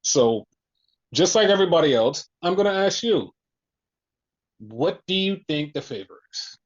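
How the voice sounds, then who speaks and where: A podcast host retelling a wrestling show in casual chat, animated and full of fillers. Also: medium pitch, moderate pace. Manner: animated storytelling, heavy use of "like". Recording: muffled lo-fi audio.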